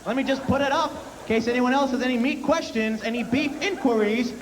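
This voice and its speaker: A man's voice: very high-pitched, animated, brisk, voice pushed up. A man voicing a paranoid older father with a New York accent, ranting in a whiny, exasperated way. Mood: sarcastic. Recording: reverberant hall with faint hiss.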